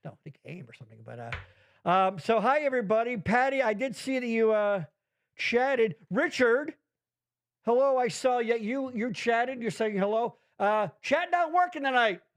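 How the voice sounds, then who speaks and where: A man's voice: very high-pitched, normal speed, no room sound. A man hosting a live-streamed show, rambling and swearing in casual chat. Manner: rambling, swears freely, animated. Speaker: podcast host.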